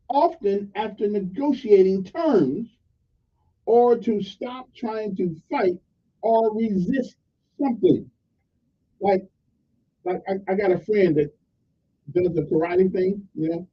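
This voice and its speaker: A man's voice: high voice, takes it slowly, long pauses, husky, highs cut off. A man hosting a radio talk show, rambling and opinionated in a folksy way, with many restarts. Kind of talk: casual call-in radio commentary.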